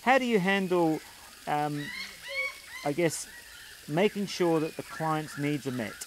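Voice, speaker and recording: A man interviewing a guest, encouraging him with quick affirmations. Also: a little high, lively intonation. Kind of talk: interview questions. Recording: noisy background.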